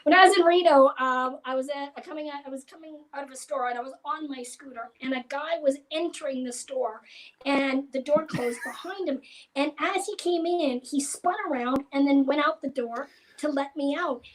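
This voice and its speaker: A woman comedian with a childlike high voice, telling frank, profane, self-mocking stories as a panel guest. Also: moderate pace, rough recording.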